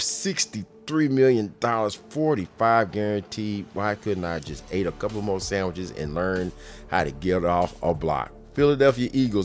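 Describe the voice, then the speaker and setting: A man giving casual sports commentary, running through news in an offhand way with jokey asides. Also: on the low side.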